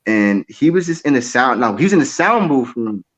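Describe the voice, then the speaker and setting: A man in his twenties, a drummer, telling stories in a casual interview, animated and repeating his words. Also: mid-range voice, fairly quick, muffled recording. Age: 20s. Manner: animated storyteller, repeats words, acts out quoted voices. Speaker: drummer and guest.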